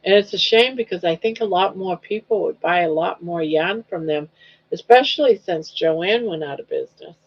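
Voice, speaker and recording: An older woman with a husky, lowish voice hosts a casual livestream chat at a moderate pace. She rambles, reads viewers' comments aloud and coos at her dog. The livestream audio is dull and lo-fi.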